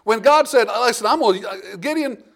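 A man's voice: extremely high pitch, moderate pace, fairly bright tone. A man preaching a sermon in a conversational way, repeating himself and acting out quotes from scripture. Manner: conversational preaching with frequent restarts and acted-out quotes. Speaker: pastor.

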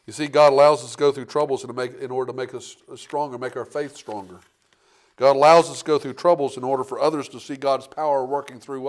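A male pastor delivering a sermon, swinging between quiet earnest stretches and loud, dramatic bursts where he acts out voices. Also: mid-range voice. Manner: emphatic preaching with rising bursts and dramatic quoted voices.

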